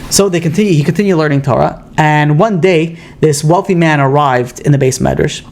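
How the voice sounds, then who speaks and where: Casual, storytelling rabbi giving a lesson. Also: male voice, on the high side, a little fast. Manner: conversational, retells stories with acted dialogue; loose phrasing with frequent restarts. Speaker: rabbi teaching Mishnah. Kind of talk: informal Torah lesson.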